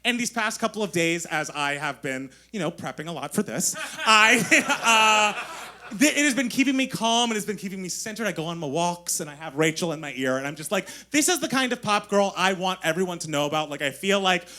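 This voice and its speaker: A man co-hosting a podcast live on stage, talking in a gushing, excitable way and laughing often. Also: sits high, fairly quick. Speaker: podcast co-host. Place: live stage before an audience.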